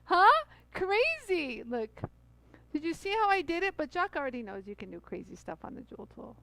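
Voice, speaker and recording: A woman's voice: high voice, big pitch swings, brisk, vocal fry, fairly bright tone, no room sound, poor audio. A middle-aged woman hosting a live-stream jewelry tool demo, bubbly and chatty, full of fillers and calling out to viewers. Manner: bubbly, chatty, many fillers, addresses viewers as "you guys".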